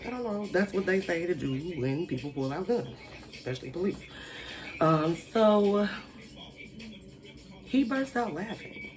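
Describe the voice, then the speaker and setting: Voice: medium pitch, unhurried, long pauses, soft background music. A vlogger telling a wild personal story in a casual storytime monologue, chatty and full of "like" fillers, swearing freely and acting out the people in it. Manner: animated, acts out quoted people.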